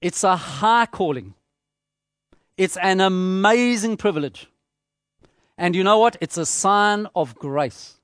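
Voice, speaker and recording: A man preaching a sermon, measured and emphatic, repeating phrases for rhetorical effect. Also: high voice, lively intonation, fairly bright tone, no echo, clean studio sound.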